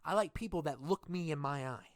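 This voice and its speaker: A man voicing a scheming male dictator boss of a wrestling show, making slow, deliberate threats. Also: a little high, noisy background, natural voice. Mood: mocking. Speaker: wrestling show authority figure.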